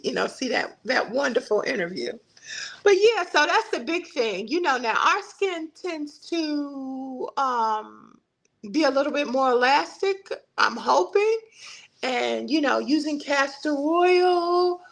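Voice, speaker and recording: A woman's voice: high-pitched, gravelly, a bit bright, low-quality recording. A middle-aged woman hosting a casual livestream, chatting in a folksy way and answering viewer comments. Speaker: livestream host. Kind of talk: casual live-stream chat.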